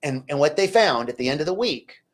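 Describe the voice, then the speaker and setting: A man's voice: a little high, lively intonation, fairly quick. A man giving an inspirational spiritual talk, then leading a guided gratitude meditation with fervent, repeated affirmations. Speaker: spiritual teacher. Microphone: livestream.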